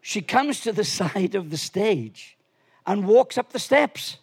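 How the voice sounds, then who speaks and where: A man preaching a lively sermon in a church, animated and swinging from quiet asides to shouts. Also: high-pitched, takes it slowly, slightly rough. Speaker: pastor.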